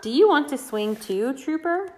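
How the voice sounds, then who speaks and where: A woman hosting a reading show for small children, reading a picture book aloud in a slow, playful, sing-song way and asking the children questions. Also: mid-range voice, expressive, a little hiss or hum.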